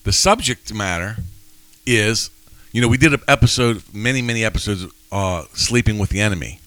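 Man, low-pitched, podcast co-host, rambling, self-questioning, joking, dry recording. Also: brisk, fairly bright tone, no room sound. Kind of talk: casual faith podcast chat.

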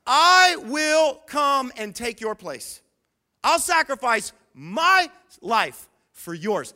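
A man preaching as pastor, playful and punchy, slowing down for emphatic repeated lines. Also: extremely high pitch, big pitch swings, pushed and bright. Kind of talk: sermon.

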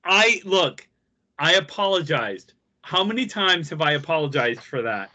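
A man's voice: a little high, animated, measured pace, bright, forceful tone. A man co-hosting a casual podcast, telling a long rambling joke and laughing with friends. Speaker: podcast co-host.

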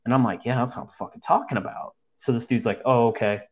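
The audio is dull, and the young man's mid-range voice runs fast as he tells his friends a story. He swears, leans on slang and animatedly imitates the people he's talking about.

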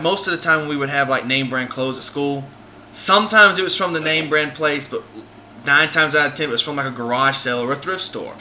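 Podcast host, male, keen storyteller, rambling and earnest, very bright, somewhat high voice. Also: slight background noise. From Southern United States. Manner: earnest, rambling, many restarts.

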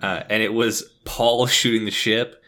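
Bright-voiced young man telling a story. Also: on the low side, measured pace. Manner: laughs often, swears freely, animated retelling. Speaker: podcast co-host. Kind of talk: casual storytelling chat.

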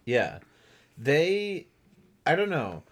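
A man in casual podcast chat, animated, laughing often and mimicking people in a lower voice. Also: extremely slow. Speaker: podcast co-host. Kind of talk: casual chat recapping a reality show.

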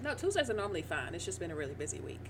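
A woman's voice: fairly low pitch, sing-song, rapid-fire, a little hiss or hum. A woman with a rural Southern American twang, co-hosting a casual sports podcast in a teasing, drawling way. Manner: teasing, drawling, laughs easily. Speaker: podcast co-host. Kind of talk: casual chat.

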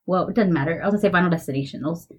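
A woman co-hosting a podcast, telling a story in a relaxed, chatty way and laughing often. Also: lowish voice, rapid-fire, breathy edge. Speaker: podcast co-host. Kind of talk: casual chat.

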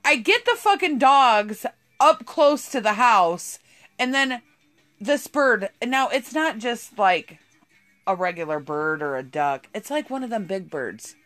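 A woman's voice: on the high side, expressive, a little slow, fairly bright tone, soft background music. Foul-mouthed woman telling a story. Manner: profane, rambling, laughs a lot. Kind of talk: casual storytelling chat.

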